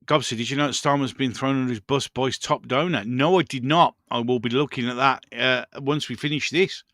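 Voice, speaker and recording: A man's voice: medium pitch, brisk, a bit bright, no echo, studio quality. A man hosting a casual live stream, rambling through viewer comments and chatting to his pets.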